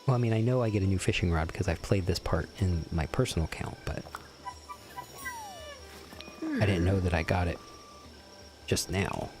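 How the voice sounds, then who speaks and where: Chatty low-voiced male streamer. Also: moderate pace, long pauses, music in the background. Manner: chatty, reads chat aloud and teases viewers. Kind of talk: casual gameplay commentary.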